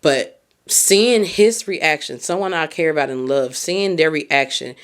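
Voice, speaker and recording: A woman's voice: a little slow, clean tone. A woman hosting a podcast as a mindset coach, giving heartfelt advice and speaking straight to the listener. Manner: expressive pitch swings on emphasis.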